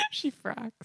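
A woman's voice: on the high side, gravelly. A woman co-hosting a comedy podcast, throwing in dry, teasing quips. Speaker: podcast co-host. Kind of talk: comedic banter.

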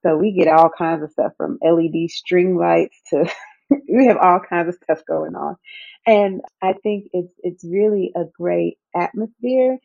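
A woman physician tells her story in a chatty, easygoing way. Her voice is on the low side and gravelly with vocal fry. It is heard through a thin, phone-like line. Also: a little slow. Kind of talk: interview recollection. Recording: phone-like narrow sound.

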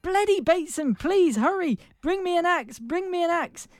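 A woman voicing an eager young male football striker, speaking higher and brighter. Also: lively intonation, normal speed, no echo, clean studio sound. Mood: panicked.

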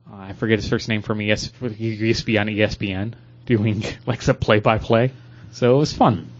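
A man co-hosting a podcast in casual chat, rambling and halting with lots of fillers and restarts. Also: fairly low pitch, fairly even intonation, lo-fi sound. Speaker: podcast co-host.

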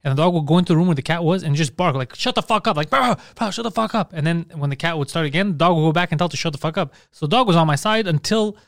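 A man co-hosting a comedy podcast, telling profane stories in casual chat and acting out his own yelling. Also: fairly high pitch, rapid-fire, few pauses, no echo, clean studio sound. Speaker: podcast co-host.

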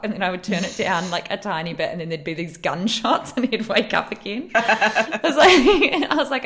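A woman co-hosting a podcast, telling animated stories in casual chat, acting out quotes and laughing often. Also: lowish voice, fairly quick, hardly any pauses. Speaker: podcast co-host.

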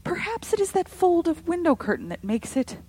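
A woman's voice: very animated, a little fast, warm tone. A woman doing a timid, frightened older lady. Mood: anxious. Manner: high, nervous and pleading. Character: timid, anxious older woman, easily scared.

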